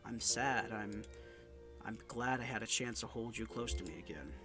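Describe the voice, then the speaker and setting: A man's voice: on the low side, animated, moderate pace. A male gaming YouTuber reading a visual novel aloud in an emotional, earnest way, sometimes stumbling over his words. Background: background music.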